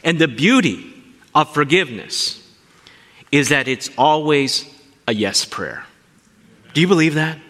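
A man preaching a sermon, animated and asking his listeners questions as he teaches. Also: on the high side, a little slow, pauses often, long reverb tail. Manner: animated, asks the congregation questions. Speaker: pastor.

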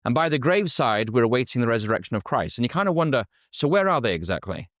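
A man's voice: mid-range voice, big pitch swings, fast talker, fairly bright tone, no room sound, studio quality. A man from Yorkshire preaching a conversational sermon who keeps asking his listeners questions. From Yorkshire, England. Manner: conversational, asks the audience questions. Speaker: pastor.

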